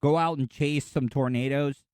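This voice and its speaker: A man's voice: mid-range voice, steady tone, moderate pace, a little mellow, smooth, no room sound. A man in his forties from Florida, hosting a solo podcast in a rambling, opinionated, conversational way. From Florida, USA. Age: 40s. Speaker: podcast host. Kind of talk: casual solo podcast monologue.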